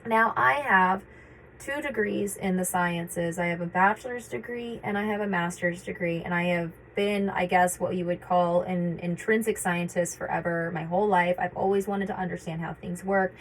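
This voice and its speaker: A woman talking casually and reflectively to camera, often pausing on fillers and restarting her sentences. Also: lowish voice, steady tone, a little hiss or hum, poor audio. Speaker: vlogger sharing personal experience. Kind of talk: casual personal talk.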